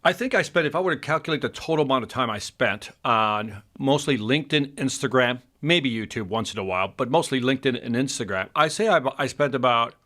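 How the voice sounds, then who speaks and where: Co-host: eager mid-pitched man, reads out stats, repeats himself when excited. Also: fairly quick, few pauses. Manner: enthusiastic, repeats his words, reads out statistics. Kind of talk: casual chat.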